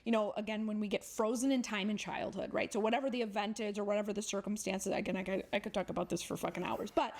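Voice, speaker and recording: A woman's voice: mid-range voice, steady tone, fast, vocal fry, hardly any pauses. A woman therapist, a guest on a podcast, talking frankly and with energy in casual conversation, swearing freely and acting out inner voices.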